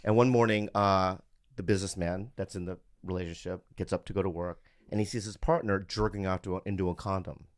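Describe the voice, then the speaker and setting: A man on a comedy podcast telling jokes in casual chat, often breaking into high laughter. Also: fairly even intonation, a little fast. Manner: giggly, bursts into high laughs. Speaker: podcast co-host.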